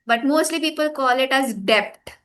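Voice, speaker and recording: A woman's voice: high voice, normal speed, fairly bright tone. Woman explaining pronunciation, casual. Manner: explains patiently, with frequent "yeah" and "like". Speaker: guest. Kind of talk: casual conversation about pronunciation.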